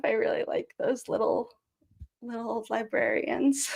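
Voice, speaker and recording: A woman's voice: mid-range voice, measured pace. A woman hosting a casual live stream, a former teacher, chatty and rambling with lots of fillers and giggles. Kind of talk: casual live-stream chat and read-aloud.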